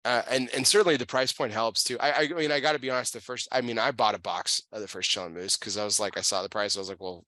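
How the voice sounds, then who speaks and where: A man hosting an interview, talking in a relaxed, halting way with repeated words while he smokes a cigar. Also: medium pitch, dry recording. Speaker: podcast host. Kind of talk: casual interview chat.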